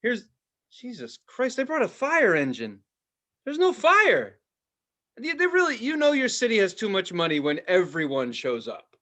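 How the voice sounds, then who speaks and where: High bright guy riffing on a podcast, voice jumps all over, doing bits. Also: normal speed. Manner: animated riffing, acts out voices. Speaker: podcast co-host. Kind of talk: casual comedic chat.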